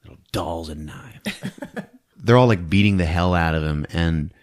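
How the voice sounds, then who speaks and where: A man hosting a podcast casually retells a movie plot, animated and laughing a lot as he tells the story. His voice is low and his pace unhurried.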